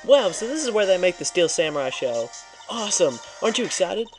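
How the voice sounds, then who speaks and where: A man voicing a cheerful, excitable teenage girl sidekick in a video game read-through. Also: brisk, soft background music. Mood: excited. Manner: excitable, high-pitched chatter.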